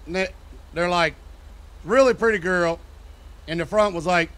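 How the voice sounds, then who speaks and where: High-voiced man telling a crude story. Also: normal speed, long pauses, fairly bright tone. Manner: profane, joking, conversational. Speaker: role-play character telling a story. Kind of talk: in-character casual storytelling. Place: game role-play voice chat.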